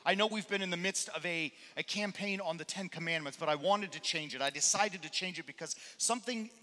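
A man preaching as a pastor in a church, his slightly high, bright and forceful voice carrying a long hall reverb. He tells his story in a lively, conversational way, the way a preacher speaks from the pulpit. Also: fairly quick. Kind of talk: sermon with a humorous personal story.

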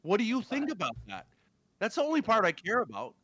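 A man's voice: high-pitched, wildly swooping pitch, a little fast, bright, forceful tone, a little hiss or hum. An angry man and parent in a livestream argument, swearing and insulting his opponent. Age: adult parent. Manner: furious, insulting. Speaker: streamer in a debate.

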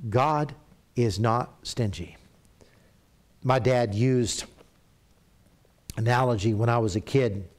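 A middle-aged man from Canada preaching a sermon, telling stories with animated rises and quiet drops. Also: mid-range voice, slow, pauses often. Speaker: pastor.

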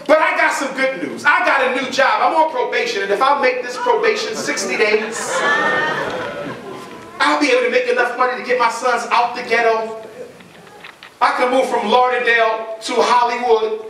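A man's voice: very high-pitched, fairly even intonation, moderate pace, heavy background noise. A man voicing a struggling single mother, pleading emotionally with her child's teacher. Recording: echoey hall heard from far off, audience.

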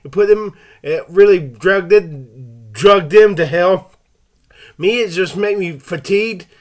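A man's voice: sits high, slow pace, rough recording. A man vlogging in a crude, rambling, profane rant with angry, taunting outbursts and frequent restarts.

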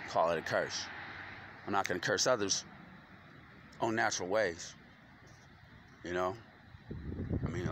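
A man rambling in a loose, slangy monologue, cursing freely as his thoughts wander. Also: sits low. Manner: loose, slangy, stream-of-consciousness talk with cursing. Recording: loud street noise with passing vehicles.

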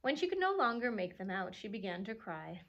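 A woman librarian reading a storybook aloud to children, expressive and animated, pausing to chuckle at the pictures. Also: medium pitch, lo-fi sound.

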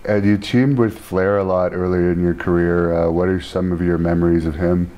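A man's voice: low voice, flat delivery, normal speed, mellow. A man hosting an interview, asking short direct questions. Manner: brief, asks direct questions.

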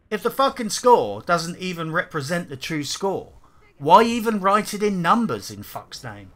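A man's voice: fairly high pitch, bright, forceful tone. A man delivering a scripted game review as a sarcastic, profane and indignant rant.

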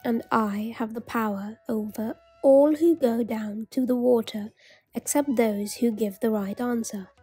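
A woman's voice: a little high, a little slow, warm tone, slightly rough. A woman voicing a cunning male water sprite in a storybook reading, asking a testing question.

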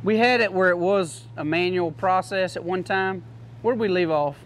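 Folksy man with a high voice. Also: moderate pace, fairly bright tone, a little hiss or hum. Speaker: product demonstrator. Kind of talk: casual product demo to a class.

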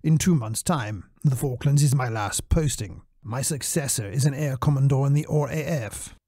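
A man's voice: mid-range voice, moderate pace, mellow, slightly rough, dry recording, clean studio sound. A man voicing a stiff, proud military colonel who speaks in a posh, clipped, formal way.

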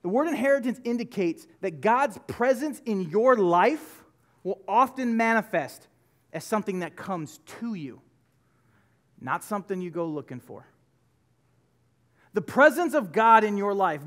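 An American man preaching as pastor in a church sanctuary speaks at normal speed in a high, very animated voice with a fairly bright tone. His sermon is conversational and emphatic, filled with personal stories and heavy repetition.

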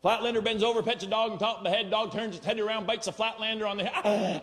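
A man's voice: high-pitched, fairly even intonation, fast, few pauses, a bit bright. A man with a rural Vermont accent doing live stand-up comedy, folksy and drawling, with rural grammar. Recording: live hall with long reverb.

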